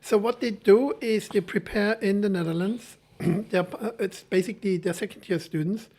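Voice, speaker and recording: A middle-aged man whose first language is German, a film lecturer talking casually and haltingly, correcting himself and laughing easily. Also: high-pitched, a little mellow. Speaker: film school lecturer, guest. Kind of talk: casual conversation.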